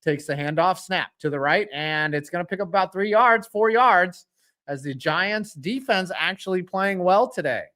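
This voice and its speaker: A man streams live reaction to a football game, calling each play as it unfolds in a voice sitting a touch high for a man. He jokes with his chat between snaps and erupts in profanity when a flag goes against his team. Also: normal speed. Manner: excitable play-by-play, cursing at calls, joking with chat.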